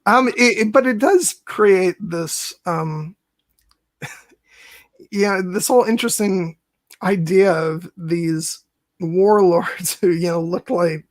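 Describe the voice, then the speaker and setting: Halting male podcast host, dry sound. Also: sits high, no echo. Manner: halting, many fillers and restarts, chuckling. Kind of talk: casual film discussion podcast.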